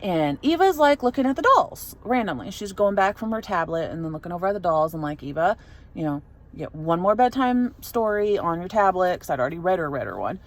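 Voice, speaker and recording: Rambling young woman vlogger, lowish voice. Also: sing-song, fairly quick. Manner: rambling, many fillers and restarts. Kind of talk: casual storytelling vlog.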